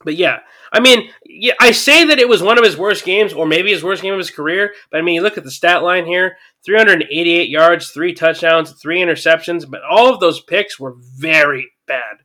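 A man giving a casual, chatty recap of a football game, getting excited at big plays and using lots of fillers. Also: high-pitched, normal speed. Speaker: sports commentator.

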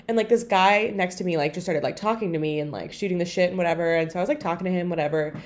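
Fast-talking young woman, chatty. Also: fairly low pitch. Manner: chatty storyteller, lots of "like". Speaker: podcast co-host. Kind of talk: casual chat.

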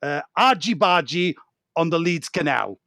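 A man's voice: a little high, lively intonation, measured pace, pushed and bright, dry recording, studio quality, exaggerated voice. A man playing a pompous, rambling author being interviewed in an improvised comedy. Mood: smug. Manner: rambling, self-satisfied improv guest. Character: pompous male author of a train murder novel.

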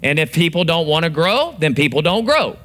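Male preacher, bright forceful tone, fairly high voice, animated sermon delivery. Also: a little fast. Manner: preaching with acted-out prayers and quotes, animated pitch swings. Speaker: pastor.

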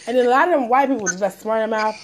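A passionate woman speaks bluntly in a slightly high voice. She often repeats words when she is worked up. Faint noise sits under her voice. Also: very fast. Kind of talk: casual chat.

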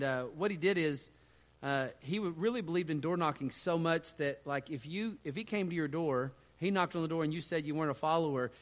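A man's voice: on the high side, fairly bright tone. A man preaching a sermon, telling stories in a conversational way with frequent restarts and fillers. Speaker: pastor.

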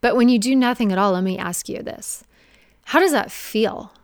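A young woman fitness coach talking straight to her viewers in an energetic, conversational way, with playful mocking asides. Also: on the high side, normal speed, dry recording, studio quality. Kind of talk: direct-to-camera coaching talk.

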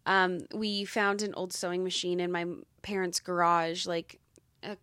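A woman's voice: on the low side, level tone, a little slow, fairly bright tone, clean tone, no room sound, clean studio sound. A young woman hosting a podcast, chatting casually with lots of fillers and gushing enthusiasm. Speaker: podcast host. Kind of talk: casual commentary.

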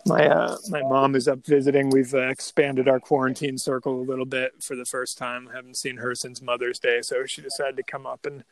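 A man's voice: mid-range voice, little pitch movement, a little fast, few pauses, no echo, poor audio. A man in his thirties, a teacher guest on a school podcast, chatting casually and joking with frequent chuckles. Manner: joking, chuckles often, many "um"s.

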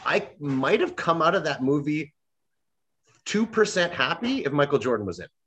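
A man's voice: a little high, very animated, moderate pace, fairly bright tone. A young man ranting animatedly in a casual chat, often mimicking voices when he quotes people.

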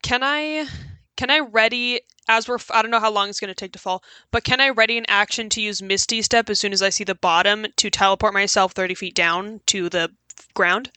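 A woman with a bright, forceful voice, recorded close and dry. She takes part in a casual tabletop game, asking questions and working out her plans aloud. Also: mid-range voice, steady tone, a little fast, no room sound. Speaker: player.

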